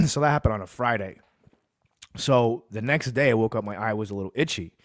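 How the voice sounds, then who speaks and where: A man's voice: on the low side, brisk, no room sound, studio quality. A man hosting a casual sports talk show, ranting heatedly and then telling a long story in a laid-back way. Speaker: podcast host.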